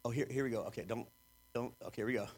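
A man's voice: mid-range voice, fairly even intonation, racing, slightly rough. A man preaching a sermon as pastor, speaking emphatically and leading the congregation in repeated declarations. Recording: long hall reverb.

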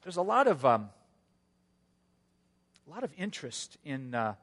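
A male pastor preaching a sermon, telling a story in an earnest way with gentle humor. His voice sits a little high for a man, and it rings out with a long reverb in a church sanctuary. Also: big pitch swings, a little slow.

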